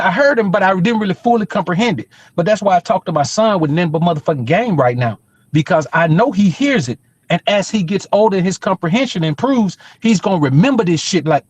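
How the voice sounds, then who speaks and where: A man's voice: high-pitched, animated, brisk, husky. Profane, emphatic storytelling man. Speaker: podcast co-host. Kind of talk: casual storytelling chat.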